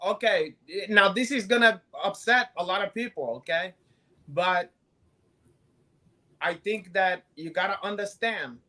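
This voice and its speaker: A high-pitched man in loose, comedic banter. He peppers every sentence with profanity and tags lines with "kid". He rambles freely as co-host. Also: measured pace, pushed and bright, a little hiss or hum. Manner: swears constantly, calls people "kid", rambling. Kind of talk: casual comedic chat.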